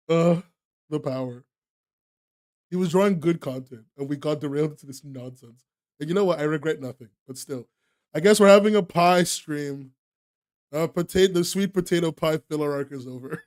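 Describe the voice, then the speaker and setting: A man's voice: fairly high pitch, moderate pace, pauses often, darkish tone. A young man streaming live, chatting to his viewers with frequent laughter and playful mock outrage. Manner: laughs often, mock outrage, talks to chat.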